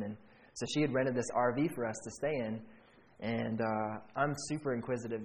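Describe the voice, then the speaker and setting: A young man casually telling a faith testimony, animated, often saying "like" and acting out what people said. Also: mid-range voice, slight background noise, poor audio. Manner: animated, acts out quotes, fillers "like". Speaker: storyteller sharing a faith testimony. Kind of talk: casual storytelling.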